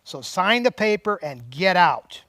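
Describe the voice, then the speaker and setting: A man reading aloud and voicing a middle-aged actress confronting her husband in sharp, accusing tones. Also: sits high, sing-song, unhurried, no room sound, studio quality, full character voice. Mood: indignant.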